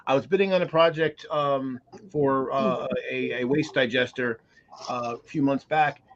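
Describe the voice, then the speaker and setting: A man's voice: medium pitch, steady tone, a little slow. A man co-hosting a casual podcast chat, talking emphatically with frequent restarts. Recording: dull lo-fi audio.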